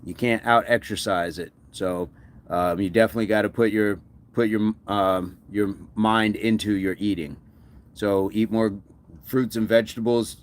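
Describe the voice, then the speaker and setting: A man's voice: on the low side, fairly even intonation, moderate pace. A man hosting a fitness livestream, chatting casually and answering viewer comments with encouragement.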